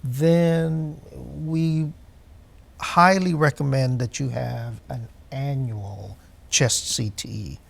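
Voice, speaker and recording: A doctor in his sixties answers health questions on a TV call-in show. His mid-range, creaky voice stays steady, slow, and measured, with many hesitant fillers.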